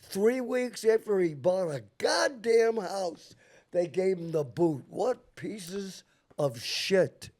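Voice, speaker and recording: A man's voice: high voice, expressive, takes it slowly, a little mellow. A man hosting a casual podcast chat, blunt and swearing freely. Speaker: show host.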